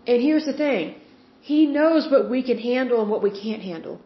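Woman doing a faith podcast, earnest chatty talk, kinda high voice, roomy dull sound. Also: animated, normal speed. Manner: earnest, conversational, with frequent restarts. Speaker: podcast host. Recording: roomy, slightly dull home recording.

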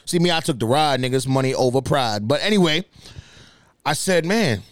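A young man hosting a podcast, telling stories in a profane, animated, casual comedic way, jumping higher in pitch when outraged. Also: fairly quick, dry recording. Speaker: podcast host.

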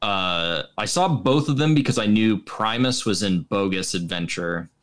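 A man's voice: on the low side, animated, normal speed. A young man co-hosting a casual music podcast, wry and critical, with hesitant restarts. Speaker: podcast co-host. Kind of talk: casual chat about music.

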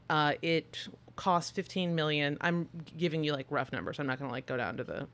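A woman co-hosting a podcast in casual chat, talkative and quick to swear and laugh. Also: low voice, fairly bright tone. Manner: chatty, swears, laughs often. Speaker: podcast co-host.

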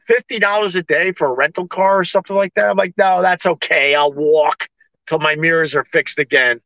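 A man rants into his phone from the driver's seat. His voice sits high and bright, and the sound is dry and a bit dull and lo-fi. He is sarcastic and fed up, and he mimics everyone he quotes. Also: fairly quick, no echo. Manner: exasperated, sarcastic, acts out both sides of conversations. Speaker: vlogger on a live stream. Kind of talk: ranting casual monologue. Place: parked car on a city street.

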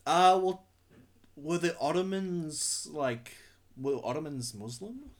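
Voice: mid-range voice, expressive, slow. A podcast co-host in casual movie watch-along chat, easygoing with wry remarks.

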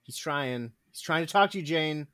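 A man as a podcast guest, chatting casually, joking and laughing easily. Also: fairly high pitch. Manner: lively, joking, with quick laughs. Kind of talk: casual chat.

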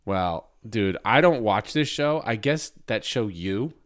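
A man's voice: on the low side, animated, slow. A man co-hosting a podcast in casual chat, wry and profane with dry jokes. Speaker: podcast co-host.

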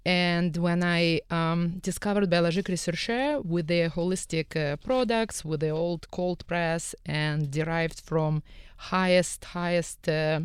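A woman's voice: lowish voice, fairly even intonation, takes it slowly, few pauses, clear, resonant tone, no echo, studio quality. A woman with a Russian accent, a salon owner and skin care specialist, speaking earnestly in slightly broken English on a radio panel. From Eastern Europe.

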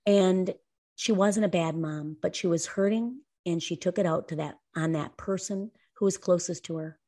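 A woman co-hosting a talk show, telling a personal story in an earnest, lively way. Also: on the low side, moderate pace. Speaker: co-host. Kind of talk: casual podcast talk.

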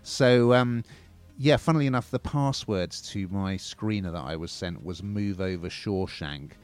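A man's voice: sits low, a little slow, darkish tone, faint music behind. A man casually reviewing films and TV series on a radio show, chatty and opinionated.

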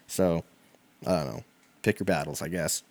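A man's voice: sits low, steady tone, moderate pace, a little mellow. A young man talking in a rambling, profane, laid-back comedic monologue full of fillers.

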